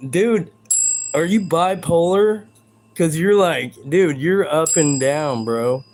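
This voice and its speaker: Slow-talking combative man ranting. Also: fairly high pitch, darkish tone, a little hiss or hum. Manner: combative and profane, ranting at chat. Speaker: live streamer. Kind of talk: live stream chat talk.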